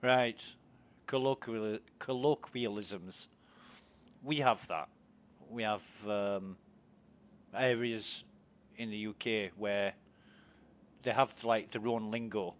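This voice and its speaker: A man's voice: on the low side, fairly even intonation, slow, pauses often. A British man chatting casually while streaming a game, curious and full of questions for his friends. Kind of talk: casual chat while gaming.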